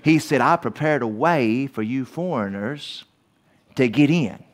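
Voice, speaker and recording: A man's voice: medium pitch, animated, a little slow. A man preaching a verse-by-verse Bible study in a church, emphatic and repetitive, not from Australia. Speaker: pastor.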